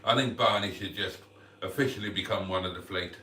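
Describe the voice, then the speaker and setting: A man's voice: sits low, fairly quick, bright, forceful tone, distant mic, a little hiss or hum. A man chatting casually on a live vlog from home, hungover and lisping, in a self-mocking way. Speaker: vlogger. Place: room at home. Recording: roomy, off-mic.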